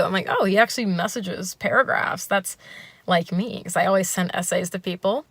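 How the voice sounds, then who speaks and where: A woman's voice: medium pitch, brisk, fairly bright tone. A woman YouTuber telling a dating story in a comic, dramatic way, acting out the other people's voices. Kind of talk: storytime vlog.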